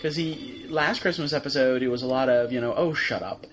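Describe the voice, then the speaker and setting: A man's voice: medium pitch, fairly quick, slight background noise. A man co-hosting a casual review podcast, rambling and hesitant, often slipping into playful quoted lines. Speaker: podcast co-host.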